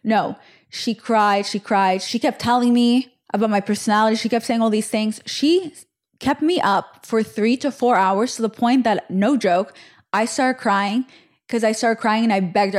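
Woman, 20s, podcast host; casual, animated storyteller. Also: fairly high pitch, normal speed. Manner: chatty, animated retelling with fillers.

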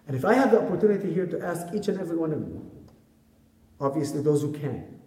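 A man's voice: on the high side, expressive, fast talker, dark tone. A man from Israel giving an emphatic, rallying public speech at a community event in a large hall. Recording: roomy hall reverb from far off.

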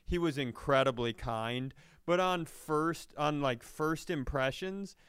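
Profane storytelling comedian, smooth voice. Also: male voice, on the high side, slow pace, no room sound, clean studio sound. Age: middle-aged. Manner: animated, profane, laughs through the story. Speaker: stand-up comedian, podcast guest. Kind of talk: casual storytelling chat.

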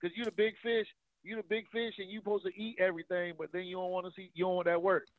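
Fairly high voiced guy on a tinny phone line, dry sound, keeps repeating himself to push back. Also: little pitch movement, fast. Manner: pushes back, repeats himself while arguing. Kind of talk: casual boxing talk.

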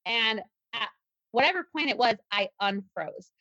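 A woman tells her own story to an interviewer in an earnest, tense voice, breaking off and restarting as she goes. Her tone is bright and sharp, and it is close to the mic with no room sound. The recording is a little dull and muffled. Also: fairly high pitch, expressive, measured pace, no echo. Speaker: guest, self-defense teacher. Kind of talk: personal story told in an interview.

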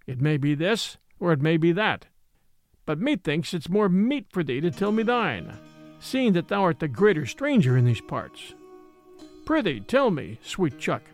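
A man voicing a bold, merry outlaw who mocks his foe in old-fashioned speech. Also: a little high. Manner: cheeky, mocking, playful. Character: merry, bold young male outlaw, teasing. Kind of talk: audiobook character reading.

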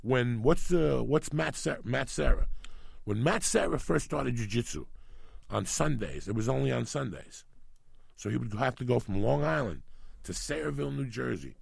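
Man, middle-aged, from New York, gravelly, husky, profane rambling storyteller. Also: medium pitch, expressive, moderate pace, no echo. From New York City. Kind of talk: casual storytelling chat.

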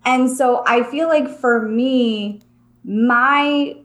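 Young woman co-host, slightly high voice, earnest and reflective, casual chat. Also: extremely slow, a bit bright. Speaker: podcast co-host.

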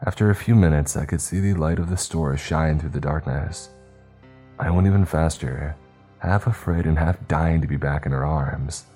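A man reading a first-person story aloud in a steady, measured way. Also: a bass voice, slightly rough, faint music behind. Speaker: narrator.

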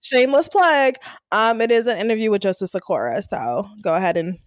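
A woman hosting a casual podcast recap, retelling scenes and acting out the characters' lines with lively energy. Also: mid-range voice, a little fast, no room sound, clean studio sound. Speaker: podcast host.

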